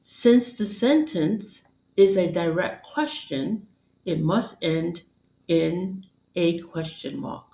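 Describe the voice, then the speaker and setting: A woman narrating a scripted grammar lesson as a teacher, in a measured, deliberate, instructional way. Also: on the low side, creaky, warm tone. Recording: roomy echo.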